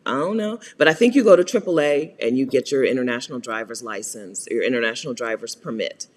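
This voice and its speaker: A woman's voice: extremely low pitch, animated, quick pace, long reverb tail, slight background noise. An American woman hosting a live Q&A, chatting casually, laughing often and greeting viewers by name. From United States. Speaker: host answering viewer questions. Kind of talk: live Q&A chat.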